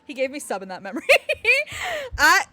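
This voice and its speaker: A woman streaming a game, chatting casually and reading its text aloud with frequent giggles. Her voice sits fairly high and swings widely in pitch. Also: wildly swooping pitch, normal speed, bright, forceful tone, dry recording. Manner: chatty, giggly, laughs often.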